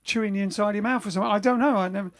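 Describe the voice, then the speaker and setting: A man's voice: sits high, steady tone, very fast. A man hosting a lockdown livestream for his band, chatting casually and reading out viewer comments, rambling with lots of fillers and restarts. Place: home during lockdown.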